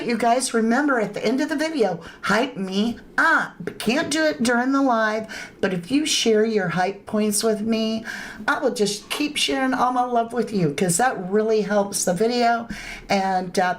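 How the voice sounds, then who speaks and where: A woman hosting a true crime livestream in a chatty, casual way, greeting viewers by name and adding emphatic asides. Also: fairly high pitch. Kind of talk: casual live-stream commentary. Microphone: webcam or phone on camera.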